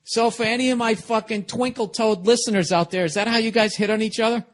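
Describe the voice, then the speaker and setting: A middle-aged man spins a loose, expletive-laden story on his podcast, and his voice sits slightly high for a man. He rambles, circles back and talks with the animated timing of a comedian. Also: fast. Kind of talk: casual storytelling monologue.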